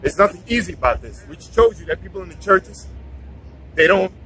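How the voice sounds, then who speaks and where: Brief: high, bright male bible teacher, stop-start preachy delivery, faint traffic behind. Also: animated, a little fast, low-quality recording. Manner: preachy, repeats words, many restarts. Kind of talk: casual scripture talk.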